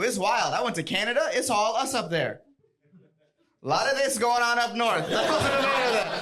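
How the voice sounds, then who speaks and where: A man doing stand-up on a comedy club stage, delivering punchy setups and chuckling at his own jokes. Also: high-pitched. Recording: live club set with roaring crowd. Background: loud audience laughter.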